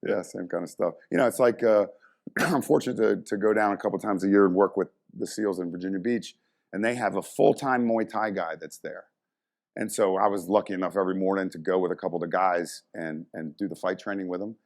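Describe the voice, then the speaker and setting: A middle-aged man, a strength coach and motivational speaker, telling stories in a casual, animated way, swearing freely and saying "you know" a lot. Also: deep voice, fairly quick. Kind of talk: casual storytelling talk.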